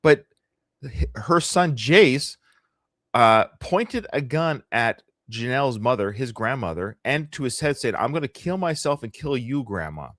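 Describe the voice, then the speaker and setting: A man's voice: mid-range voice, animated, measured pace, a bit bright, no room sound, studio quality. A middle-aged Canadian man co-hosting a live podcast, chatting casually with a joking, rambling, sarcastic manner. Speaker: podcast co-host.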